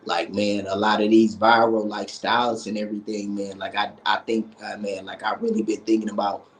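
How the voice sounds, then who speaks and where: A man with a fairly low voice speaks as a livestream guest. He rambles hesitantly, stopping and restarting with plenty of fillers. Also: level tone, fairly quick.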